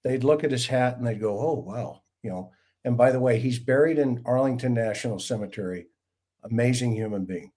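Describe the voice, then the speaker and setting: A middle-aged man hosts a livestream panel over a video call. His voice is warm and mellow, and he tells stories with emphatic enthusiasm. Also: mid-range voice, a little fast. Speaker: host.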